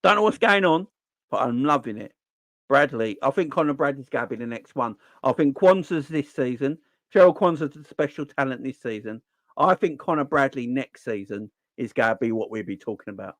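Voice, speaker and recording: A man hosting a casual football live stream, animated and slangy, answering the chat as he goes. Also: medium pitch, fairly quick, no room sound. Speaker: football channel host.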